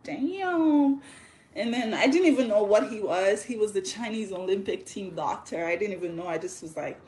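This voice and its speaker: A woman casually telling a story on a phone livestream, chatty and animated, laughing often. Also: mid-range voice, a little fast. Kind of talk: casual live story time.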